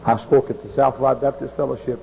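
A man in his forties, a pastor, preaching a sermon that moves from folksy storytelling to loud impassioned outbursts. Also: medium pitch, level tone, a little fast, gravelly, slight background noise. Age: 40s. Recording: dull old recording in a large reverberant hall.

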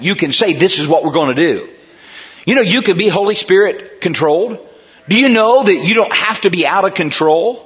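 A man preaching a sermon in a church, emphatic and rising to near shouts on key words. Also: a little high, husky. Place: church sanctuary. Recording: dull sound with long hall reverb.

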